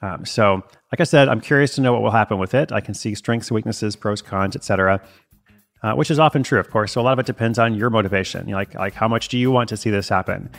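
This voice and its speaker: A man's voice: on the low side, fast talker, vocal fry. A man hosting a podcast, answering listener questions in a thoughtful, hedging way and often restarting his words. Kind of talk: casual solo podcast advice.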